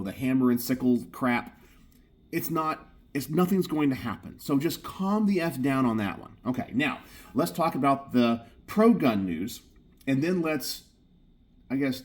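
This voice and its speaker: Husky-voiced man ranting on camera. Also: medium pitch, a little mellow. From Texas. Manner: emphatic, keeps saying "okay?". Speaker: gun channel host. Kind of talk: casual commentary.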